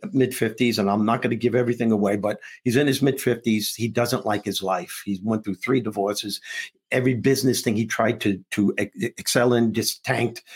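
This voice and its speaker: Husky man telling a story with voices. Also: lowish voice. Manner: acts out dialogue between characters, laughing often. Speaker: guest author and comedian. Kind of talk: animated storytelling in an interview.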